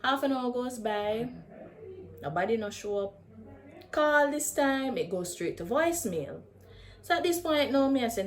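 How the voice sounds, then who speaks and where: A young woman with a Jamaican accent telling a casual storytime, animated and slipping in and out of patois. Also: a little high, normal speed. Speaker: vlogger.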